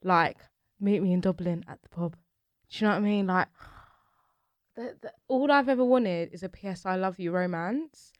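A woman's voice: mid-range voice, moderate pace, no echo. Chatty giggly woman podcaster. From England. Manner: chatty, giggly, swears casually. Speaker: podcast co-host. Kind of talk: casual chat.

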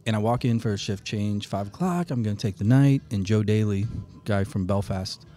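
A man with a lowish, mellow voice hosts a casual podcast chat. He tells stories with animated energy and plenty of swearing. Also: moderate pace. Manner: animated storyteller, swears freely. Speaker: podcast host.

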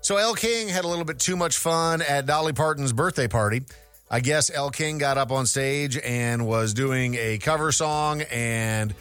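A man hosting a radio talk show, his pitch in the middle range. He walks through news stories steadily and plainly, with faint music in the background. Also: normal speed. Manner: steady, newsy, summarizing stories. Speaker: radio host reading entertainment news. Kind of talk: casual radio chat.

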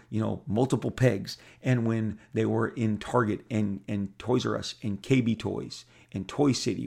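A man's voice: on the low side, vocal fry, darkish tone, breathy edge. A man in his fifties telling casual stories in a rambling way, with many repeated words and restarts. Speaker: comic artist telling stories. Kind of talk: casual storytelling monologue.

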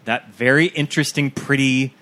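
A man co-hosting a podcast in casual chat, telling stories in a relaxed way. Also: medium pitch, moderate pace. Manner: relaxed storytelling, film trivia. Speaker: podcast co-host.

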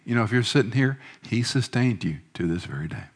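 A middle-aged male pastor preaching a sermon in a church, swinging between emphatic bursts and hushed, quiet lines. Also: mid-range voice, expressive, fairly quick, few pauses, husky.

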